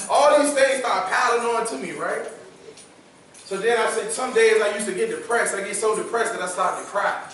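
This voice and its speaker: A young man giving a testimony sermon, talking casually and repeating phrases, building up to shouted preaching. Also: sits high, fairly quick, slight background noise. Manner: conversational, repeats phrases for emphasis. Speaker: youth service speaker. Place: large church hall. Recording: echoey church hall from far off.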